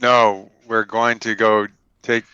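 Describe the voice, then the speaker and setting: A man's voice: lowish voice, little pitch movement, takes it slowly, bright, forceful tone, clear, resonant tone, dry recording, dull audio. A man playing his character in a tabletop game, asking hesitant, stumbling questions. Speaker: player.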